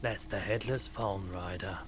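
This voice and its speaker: A man's voice: deep voice, measured pace, over a noisy crowd. An actor voicing a male street trinket seller in a game, with offhand sales patter.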